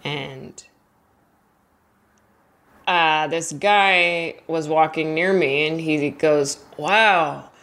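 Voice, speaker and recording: A young adult woman doing a stand-up comedy set, chatty and self-deprecating, who rambles and jumps into high, squeaky voices for imagined friends. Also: steady tone, very slow, pauses often, fairly bright tone.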